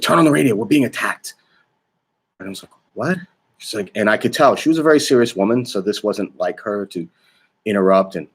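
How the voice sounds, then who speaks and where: A middle-aged man, a teacher, recalling a personal memory to camera in a halting, thoughtful way with frequent pauses and fillers. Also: sits low. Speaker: social studies teacher. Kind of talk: personal reflective recollection to camera.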